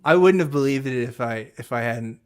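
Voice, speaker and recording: A man's voice: medium pitch, brisk, darkish tone. A man co-hosting a casual podcast who reads a transcript aloud and mocks it with profanity and laughter. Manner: profane, mocking, laughs between lines. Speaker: podcast co-host.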